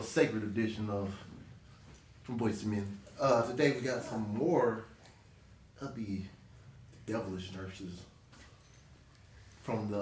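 A man hosting a podcast interview, joking and laughing often in a casual chat. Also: fairly low pitch. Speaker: podcast host. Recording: roomy, distant mic with faint noise.

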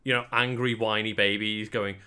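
A man's voice: lowish voice, level tone, moderate pace, pushed and bright, smooth. A man co-hosting a podcast, thinking aloud in casual chat, hesitant and repeating words. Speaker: podcast co-host.

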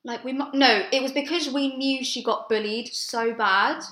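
A woman's voice: high voice, moderate pace. A young woman co-hosting a casual podcast, telling stories with plenty of swearing. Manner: storytelling, swears freely, animated when excited. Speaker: podcast co-host. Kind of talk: casual chat. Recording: roomy echo.

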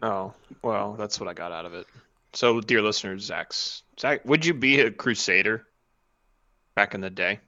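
A man's voice: on the low side, moderate pace, pushed and bright, dry recording, highs cut off. A man co-hosting a casual podcast, teasing and needling the others with questions. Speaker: podcast co-host. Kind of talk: casual comedic podcast chat.

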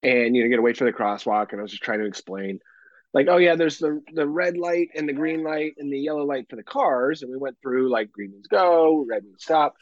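A man in his thirties chats casually on a podcast, laughing often and dropping the odd swear word. His voice has a dull, lo-fi quality and is very dry, with no room sound. He sits in the middle range for pitch. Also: a little fast, no echo. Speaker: podcast co-host. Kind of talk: casual chat.

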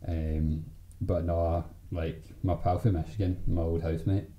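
A man's voice: low-pitched, flat delivery, unhurried, lo-fi sound. A young Scottish man with a Glaswegian accent, chatting casually as a podcast co-host, swearing and laughing often. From Scotland. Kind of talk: casual chat over drinks. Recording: echoey room with faint noise.

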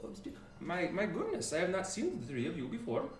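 A big, bubbly dwarf gem merchant, as a man puts him on in a lilting northern Scottish accent with a Swedish chef bounce. He pitches high and loud and gushes with courtesy. The voice rings in a roomy space, caught from a distance. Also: brisk. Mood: effusive. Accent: put-on northern Scottish blended with Swedish chef. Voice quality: singsong, bright and very excited. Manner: gushing, overly polite shopkeeper.

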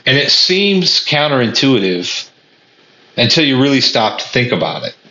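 A man's voice: mid-range voice, big pitch swings, normal speed, sharp tone, a little hiss or hum. Earnest man musing in an echoey room. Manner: earnest, repeats words often, stumbles on restarts. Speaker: vlogger. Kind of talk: reflective personal monologue. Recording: echoey room, dull lo-fi sound.

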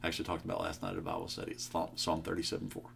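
A young man as a podcast guest, talking about faith in a casual chat, with animated, joking storytelling. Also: extremely low pitch, racing, creaky, slight background noise. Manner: animated storytelling, jokey asides.

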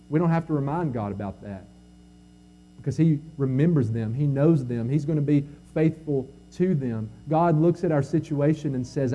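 A man preaching a sermon as pastor, earnest, rising to emphatic quotes and dropping soft again. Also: fairly high pitch. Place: church sanctuary.

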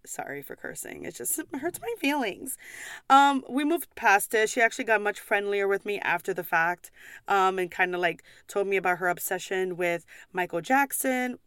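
A woman's voice: mid-range voice, lively intonation, fairly bright tone, smooth, no echo. Young american woman venting on her vlog, cusses a lot, dry close sound. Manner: blunt, swearing, quick asides and apologies. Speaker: pub server. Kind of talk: casual vlog rant.

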